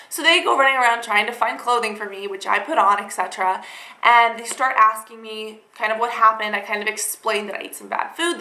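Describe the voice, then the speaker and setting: A woman's voice: on the high side, bright, forceful tone, echoey room, rough recording. A young woman vlogger rambling through a dramatic storytime retelling, full of fillers. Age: young adult. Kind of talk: storytime vlog.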